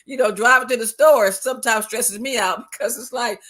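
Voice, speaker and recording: A retired older woman chatting casually, telling stories with laughter and animated asides. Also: on the high side, fairly quick, hardly any pauses. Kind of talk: casual chat.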